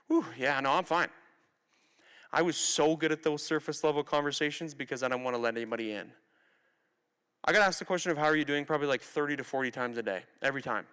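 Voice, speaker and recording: Man, 20s, from Canada, motivational speaker, candid storytelling, bright crisp voice, long hall echo. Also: fairly high pitch, a little fast. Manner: candid, conversational storytelling with acted-out quotes. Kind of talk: personal story talk to students. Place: large theatre stage. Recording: reverberant hall recording.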